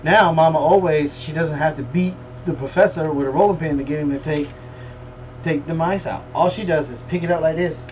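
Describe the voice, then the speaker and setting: A man's voice: a little high, fairly quick. Folksy, joking middle-aged livestream host, man, mic a little far off. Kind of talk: casual livestream chat. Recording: distant mic with faint room noise.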